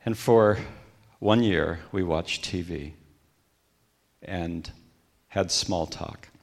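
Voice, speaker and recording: A middle-aged man giving a reflective personal testimony as a guest speaker, dropping to a hushed tone when he quotes others. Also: low voice, extremely slow, gravelly. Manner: reflective storytelling, quoting others in hushed tones.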